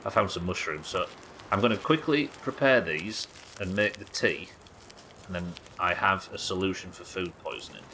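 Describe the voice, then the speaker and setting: A man's voice: sits low, normal speed, pushed and bright, slight background noise. A man chatting loosely while streaming a survival game, rambling, swearing and joking at his own expense. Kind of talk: casual gameplay commentary.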